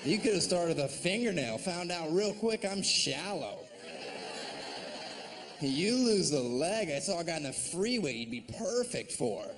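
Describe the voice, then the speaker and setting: A man doing a sardonic, mocking stand-up comedy set on stage, slipping into shrill put-on voices. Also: lively intonation, unhurried. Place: comedy stage before a live audience. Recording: live stage recording with audience noise.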